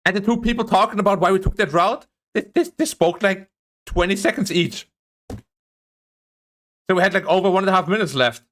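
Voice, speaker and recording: A young man talks to his stream in a casual, rambling way. His voice sits somewhat high and climbs sharply when he gets worked up, with plenty of swearing. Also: a little fast, pauses often. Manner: animated ranting, swears, voice jumps up when annoyed. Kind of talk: casual chat.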